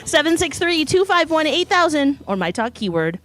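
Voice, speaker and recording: Female radio co-host, Minnesota accent, slightly high voice, upbeat ad reader, faint music behind. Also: very animated, normal speed, fairly bright tone, no room sound. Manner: upbeat, chiming in with quips. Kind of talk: live radio chat and sponsor read. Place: live broadcast studio.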